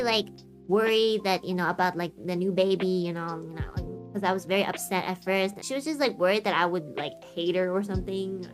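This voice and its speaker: A woman in her twenties from Canada, chatting frankly and casually on a stream, full of fillers and swearing. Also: medium pitch. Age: 20s. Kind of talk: casual chat.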